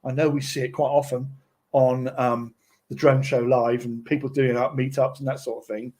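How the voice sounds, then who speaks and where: A man's voice: medium pitch, flat delivery, normal speed, a little mellow. A man presenting a casual tutorial, chatty and often checking in with his listeners.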